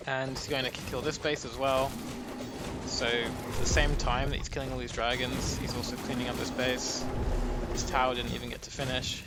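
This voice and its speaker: A man's voice: mid-range voice, moderate pace, over loud music. A man giving casual, chatty live commentary on a strategy game match. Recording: steady background noise.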